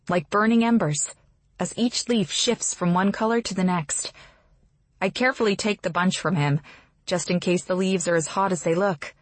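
A woman reading a first-person fantasy romance aloud with expressive, gently wry storytelling. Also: medium pitch, no echo. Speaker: audiobook narrator.

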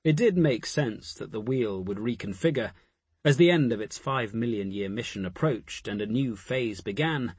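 Male narrator, husky, lively intonation, measured read. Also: medium pitch, no room sound. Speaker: audiobook narrator. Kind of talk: scripted narration.

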